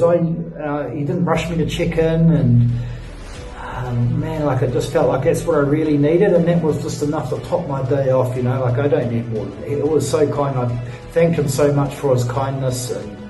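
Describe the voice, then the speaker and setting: A young man, worn out after a long day of riding, talks through his story in a loose, rambling way full of fillers and sighs. His tone is mellow. He sounds a little way off the mic in an echoey hotel room, with faint music behind him. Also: medium pitch, recorded from a distance. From New Zealand. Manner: laid-back, rambling, many fillers and sighs. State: tired after a long ride. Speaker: travel vlogger. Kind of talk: casual storytelling to camera.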